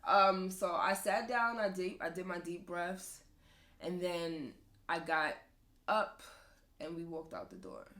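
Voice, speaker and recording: A woman's voice: lowish voice, takes it slowly, a bit bright. A young woman hosting a podcast, talking candidly and emotionally about motherhood, often laughing. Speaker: podcast host, mother of two sons. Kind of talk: candid personal talk.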